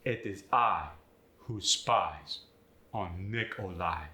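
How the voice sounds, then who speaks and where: A man doing a West African-accented voice that lands hard on every syllable, with rising tones on certain vowels. It is unhurried and bright-edged, and it sits in a roomy, echoey space. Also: low-pitched, heavily acted. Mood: demonstrating. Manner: slow, deliberate, stresses every syllable.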